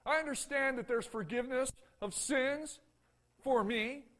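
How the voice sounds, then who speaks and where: A man's voice: very high-pitched, unhurried, fairly bright tone. A man preaching a sermon as pastor in a church, emphatic and full of repeated rhetorical questions to the congregation. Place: church sanctuary.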